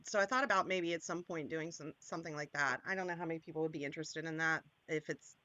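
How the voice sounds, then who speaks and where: A woman's voice: low-pitched, quick pace, sharp tone, dry recording, highs cut off. A woman from Maryland hosting a channel, chatting casually, rambling and laughing a lot. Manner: laughing, rambling, self-interrupting. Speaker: channel host. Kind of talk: casual chat.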